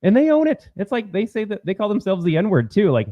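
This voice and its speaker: A man's voice: high-pitched, sing-song, fairly quick, dry recording, dull audio. A man hosting an opinionated political commentary, talking emphatically to his viewers and repeating his points.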